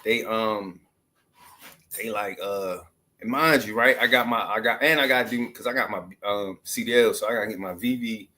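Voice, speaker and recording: A vlogger in his thirties from Maryland, USA, tells a casual story to the camera in loose, slangy street talk full of asides. His voice is on the low side, bright and forceful, at normal speed.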